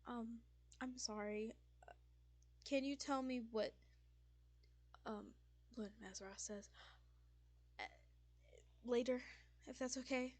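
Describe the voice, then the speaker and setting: A woman voicing a frightened young man who stammers in a hushed, half-whispered voice. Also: on the high side, rapid-fire, hardly any pauses, no room sound, voice pushed up, close to an everyday voice.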